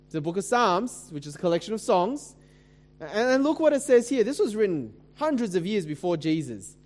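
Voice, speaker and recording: High-voiced pastor preaching a sermon. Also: male voice, big pitch swings, moderate pace. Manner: conversational preaching with rhetorical questions; dramatic scripture reading.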